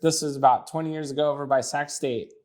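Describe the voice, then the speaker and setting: A man's voice: a little high, steady tone, quick pace, a little mellow. A man co-hosting a podcast, telling dating stories in casual chat. He swears and laughs through his own stories. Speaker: podcast co-host.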